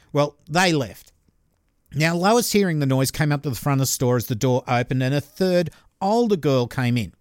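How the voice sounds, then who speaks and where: A man's voice: a little high, dry recording, studio quality. Chatty Australian man telling a crime story. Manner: chatty, with laughing asides. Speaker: podcast host. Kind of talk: casual true-crime storytelling.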